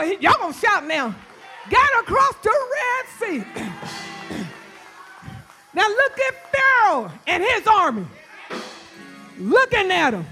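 Woman preacher, sermon, bright piercing voice, shouts, repeats lines, calls on the congregation by name. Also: very high voice, huge pitch swings, slow, long pauses, soft background music, some chatter behind. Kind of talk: sermon with call-and-response. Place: church.

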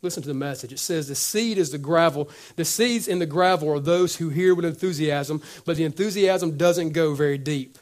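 A slightly high-voiced male pastor preaches at a normal speed with few pauses. He brings the sermon alive by acting out short conversations and at times falls to a near whisper.

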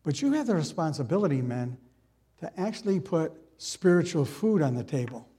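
A middle-aged man delivers a sermon from the pulpit, his voice sitting slightly high for a man. He keeps checking in with his congregation through direct questions. The sanctuary adds a long, trailing reverb to every phrase. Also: sing-song, moderate pace, mellow. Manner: asks the congregation many questions. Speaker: pastor. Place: church sanctuary.

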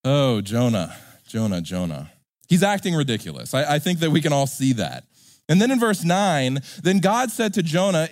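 A pastor preaching a sermon in an animated, joking way, acting out characters. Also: male voice, a little high, normal speed, no echo, studio quality.

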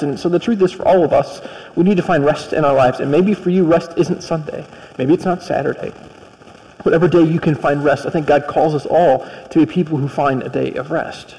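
A pastor preaching in a relaxed, storytelling way and voicing the characters. His voice sits high and rings out with a long reverb in a large hall. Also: a little fast. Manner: conversational storytelling, acts out characters. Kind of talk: sermon.

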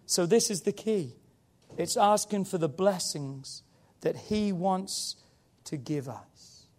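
A man's voice: sits high, takes it slowly, darkish tone. A man preaching a sermon with passion, building to emphatic, raised peaks. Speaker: pastor.

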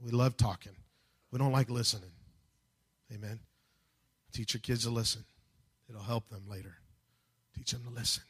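A man preaching a sermon, building from calm teaching to fervent shouted passages. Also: medium pitch, moderate pace, pauses often, breathy edge. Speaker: pastor.

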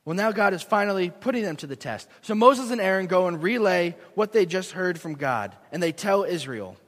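A young man preaching a sermon in a church, earnest and animated, poking fun at himself. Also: high voice, brisk. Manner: earnest, animated, self-deprecating. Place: church sanctuary. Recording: long echo of a large hall.

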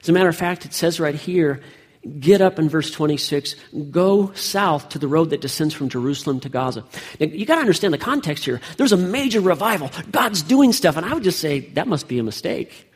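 A man's voice: on the high side, animated, fairly quick, slightly rough. A man preaching a sermon as pastor, with emphatic delivery that rises and falls.

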